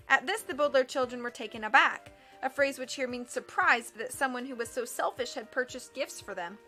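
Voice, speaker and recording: A woman reading a novel aloud on a livestream, with expressive, wry storytelling. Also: high-pitched, fairly quick, faint music behind. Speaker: audiobook reader.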